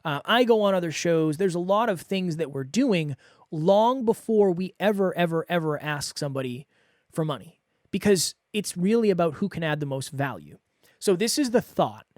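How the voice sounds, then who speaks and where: Higher-voiced man coaching podcasters. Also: expressive, normal speed, dry recording, studio quality. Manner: earnest, coaching, talks straight to the listener. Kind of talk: solo podcast talk.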